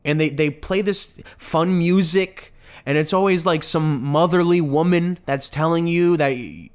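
A man's voice: fairly high pitch, measured pace, smooth. A man hosting a podcast and giving opinionated commentary, often mocking and sarcastic, repeating phrases for effect. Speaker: podcast host.

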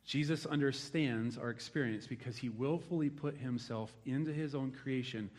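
A man in his forties preaching a sermon to a congregation, telling a lively story from his rural youth and then growing quiet and reflective. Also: medium pitch, moderate pace. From rural United States. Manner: animated storytelling, swings from loud exclaims to hushed reflection. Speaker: pastor. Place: church hall before a congregation.

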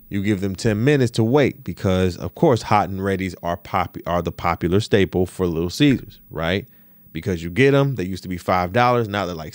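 Male podcast host, mid-pitched, close and dry, casual and profane, keeps checking in with the listener. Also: dry recording. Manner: profane, slangy, with stammered restarts. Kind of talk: solo podcast commentary, storytelling.

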